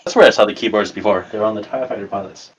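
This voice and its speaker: A man's voice: lowish voice, very fast, muffled recording, a little hiss or hum. A man co-hosting a casual hobby chat, dropping dry, teasing one-liners. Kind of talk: casual chat while assembling miniatures.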